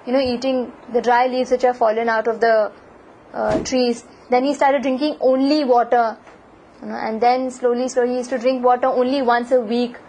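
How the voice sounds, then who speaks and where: محاضرة بصوت عالٍ تروي قصة دينية بحيوية، مع ضوضاء خفيفة في الخلفية. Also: female voice, a little high, normal speed, slight background noise, poor audio. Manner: animated, frequent "you know" fillers. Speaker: lecturer. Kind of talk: devotional storytelling lecture.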